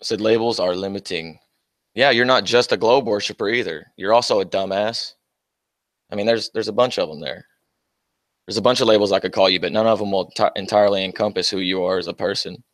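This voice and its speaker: A young man with a low voice talks into a close, dry mic on his own livestream. He answers chat comments with combative, profane mockery and laughs frequently. The delivery is loose and casual, jabbing at viewers. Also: fairly quick, no echo. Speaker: livestream host.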